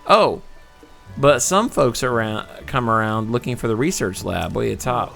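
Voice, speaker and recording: A man's voice: mid-range voice, lively intonation, moderate pace, creaky, fairly bright tone, faint music behind. A man reading as a folksy pumpkin farmer. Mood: chatty. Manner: chatty, homespun. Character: folksy male pumpkin farmer, stubborn and hopeful. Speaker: farmer character.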